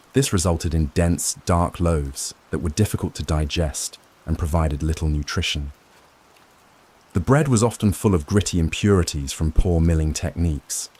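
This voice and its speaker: A man narrating a scripted history story for sleep in a calm, soothing, measured way. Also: extremely low pitch, slightly rough.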